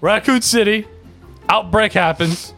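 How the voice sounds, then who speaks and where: A man's voice: high-pitched, unhurried, sharp tone, faint music behind. A young man co-hosting a casual podcast, trying to tell a story while trading joking insults with his friend. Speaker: podcast co-host. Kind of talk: casual chat.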